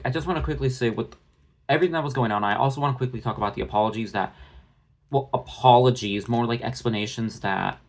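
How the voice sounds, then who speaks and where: Brief: male vlogger, mid-pitched, blunt and profane, rambling restarts, phone-recorded rant. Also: fast talker, a little hiss or hum. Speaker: drama commentary vlogger. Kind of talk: ranting commentary.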